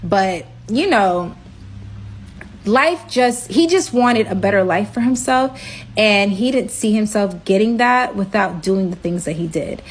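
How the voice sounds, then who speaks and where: A woman with a mid-pitched voice tells a personal story in a loose, chatty way. She leans on slang and fillers, and her pitch leaps up sharply whenever she stresses a point. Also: a little slow. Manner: animated and slangy, jumps high in pitch for emphasis. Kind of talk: casual storytime narration.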